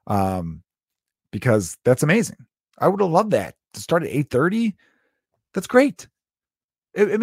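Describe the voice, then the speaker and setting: A man hosting a casual solo talk show, ranting and swearing freely, his voice jumping up high when he is incredulous. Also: no room sound, clean studio sound. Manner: animated, swears often, pitch jumps up in disbelief.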